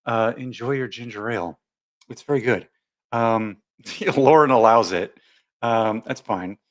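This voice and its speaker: A man's voice: medium pitch, unhurried. A man hosting a casual live stream, reading out viewer comments and rambling with frequent laughs. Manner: chatty, rambling, laughs often. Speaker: livestream host.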